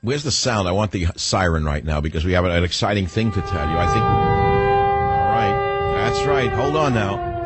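An older man hosting a talk radio show, rambling and sardonic, acting out the voices in his head. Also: on the low side. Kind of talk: talk radio monologue and calls.

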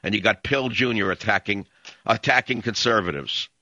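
A man's voice: fairly low pitch, normal speed, vocal fry, sharp tone, dry recording. A man hosting a talk radio show, ranting and sarcastic as he cuts in on callers. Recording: dull lo-fi broadcast audio.

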